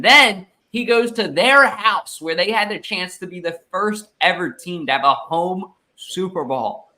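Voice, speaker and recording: A man co-hosting a casual sports podcast, upbeat and joking with quick asides over a video call. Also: a little high, pushed and bright. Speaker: podcast co-host.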